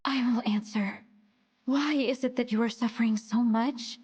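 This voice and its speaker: A woman voicing a calm, compassionate young queen in an anime dub, speaking gently and earnestly. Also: fairly high pitch, moderate pace, husky, dull audio. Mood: solemn. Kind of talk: English anime dub acting.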